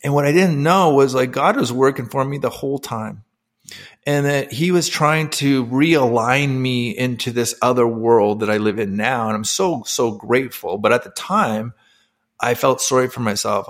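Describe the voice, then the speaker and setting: A man in his forties, a former athlete turned coach, telling his personal story as an interview guest, candid and emotional, with many fillers. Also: medium pitch.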